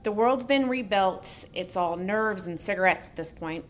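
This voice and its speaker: A woman's voice: medium pitch, normal speed, slight background noise. A woman co-hosting a casual podcast, reading a prepared story with joking asides. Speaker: podcast co-host.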